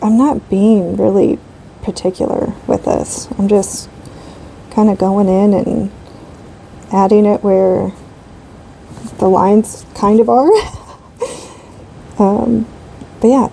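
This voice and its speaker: A woman's voice: mid-range voice, gravelly, mellow, a little hiss or hum, low-quality recording. A woman in her thirties chatting casually while she colors, rambling with lots of fillers. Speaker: coloring channel host.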